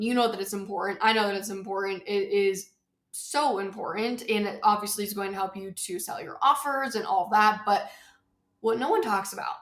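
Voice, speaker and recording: A woman's voice: mid-range voice, roomy sound. A woman hosting her own podcast in a home office, chatting casually and a little out of breath, stressing her points by repeating them. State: slightly out of breath. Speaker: podcast host. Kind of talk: casual solo podcast talk.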